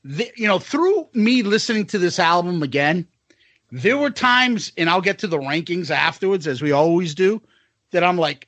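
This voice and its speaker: A man's voice: high voice, animated, normal speed, a bit bright, no room sound. A man in his forties co-hosting a podcast, chatting crudely and swearing a lot, acting out lines in silly voices. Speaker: podcast co-host. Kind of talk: casual chat, crude and animated.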